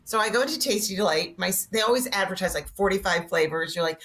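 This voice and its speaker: A woman's voice: mid-range voice, fast, fairly bright tone. A woman guest telling a funny anecdote on a podcast, acting out quotes as she goes. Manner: chatty storyteller, acts out quotes. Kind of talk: casual comedic anecdote.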